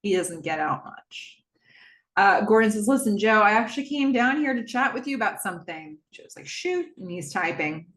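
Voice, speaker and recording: A woman hosting a podcast, casually recapping a TV episode and acting out the characters' lines with quick laughs. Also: mid-range voice, animated, a bit bright. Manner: chatty, laughs often, jumps into character voices. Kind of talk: casual recap with acted-out quotes. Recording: echoey room.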